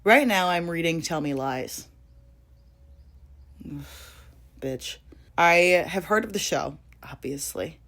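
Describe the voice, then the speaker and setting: A young woman in her twenties, chatting casually to camera about her reading. Her voice sits low, and her talk is loose and full of fillers. It leaps into high, excited bursts, then drops back down. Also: slow, pauses often. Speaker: vlogger. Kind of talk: casual chat about books.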